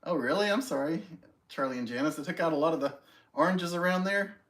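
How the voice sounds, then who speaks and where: A man's voice: a little high, fast talker, fairly bright tone. A man hosting a casual live stream at home, greeting viewers by name and chatting in a friendly, self-deprecating way. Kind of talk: casual chat reading viewer comments.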